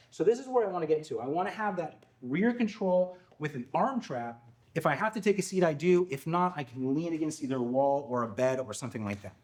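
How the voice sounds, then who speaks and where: A man with a fairly high voice walks through a self-defense technique, calm and methodical. He teaches it as a demonstration lesson in an indoor training room, often checking in with the listener. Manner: calm, step-by-step explaining, frequent "okay?" check-ins.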